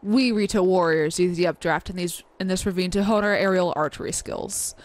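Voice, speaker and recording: A woman's voice: on the low side, fairly quick, close to an everyday voice. A woman reading aloud the lines of a proud young male bird warrior from a video game, in a stern, self-serious way. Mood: earnest.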